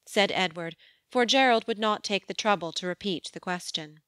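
A woman reading a novel aloud as an audiobook narrator, in an even, measured storytelling manner. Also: mid-range voice, smooth, no room sound, clean studio sound. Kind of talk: scripted narration. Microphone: studio microphone.

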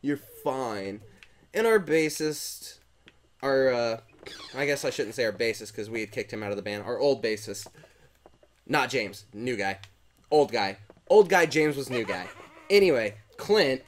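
A man's voice: mid-range voice, animated, normal speed. Young man, gaming storyteller, rambling and self-interrupting, slight background hiss. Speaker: gaming co-host telling a story. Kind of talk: casual storytelling over gameplay.

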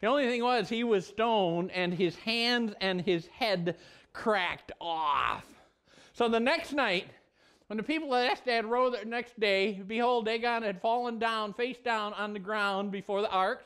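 A male pastor teaching a Bible lesson in a vlog, telling the story in an animated, conversational way. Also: very high-pitched, unhurried, clean tone.

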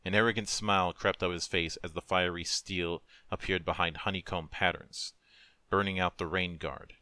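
Deep-voiced man narrating a dark story. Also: fairly even intonation, dry recording. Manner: solemn, emotive, measured. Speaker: narrator, streamer. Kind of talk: dramatic story reading.

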